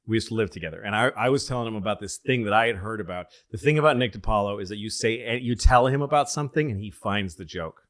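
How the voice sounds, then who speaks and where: A male comedian hosts a casual podcast in a low voice. He tells rambling, profane stories and often breaks off to restart a sentence. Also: quick pace, hardly any pauses, fairly bright tone, dry recording, clean studio sound. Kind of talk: casual chat, storytelling.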